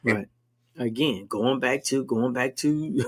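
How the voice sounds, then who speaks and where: A man's voice: mid-range voice, sing-song, slow pace, vocal fry, fairly bright tone, slightly rough. A man co-hosting a conversation, talking emphatically and asking leading questions. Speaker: podcast co-host. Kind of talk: casual conversation.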